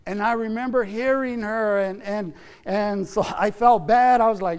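Pastor, male, high and resonant voice, preaching with "amen?" call-outs, long reverb of a church sanctuary. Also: normal speed, smooth. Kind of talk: sermon.

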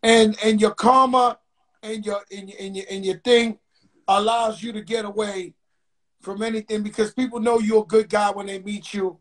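A man's voice: high voice, little pitch movement, normal speed. A middle-aged man hosting a talk show, bantering loosely with laughs and profanity. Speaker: host. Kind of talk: casual talk show chat.

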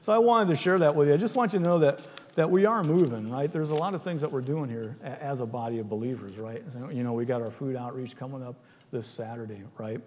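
A man's voice: medium pitch, fast, darkish tone, big-room sound, a little hiss or hum. A man preaching a casual, conversational sermon in a church, often tagging his points with "right?". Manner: informal, keeps asking "right?". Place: church sanctuary.

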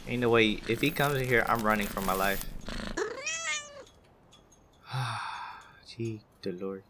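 A man's voice: fairly low pitch, slow pace, pushed and bright, slight background noise. A man giving live gameplay commentary, talking to himself and repeating phrases in bursts when he gets startled. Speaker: gaming YouTuber.

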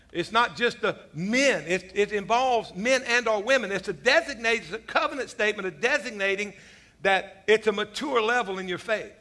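A pastor preaching a sermon, telling animated, self-mocking stories full of casual asides like "man" and "you know.". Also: high voice. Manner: self-deprecating humor, laughs at his own stories.

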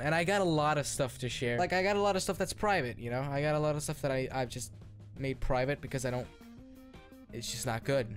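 Rambling, foul-mouthed young man. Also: on the high side. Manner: rambling, profane, self-deprecating. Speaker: gaming YouTuber. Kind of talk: casual reaction commentary.

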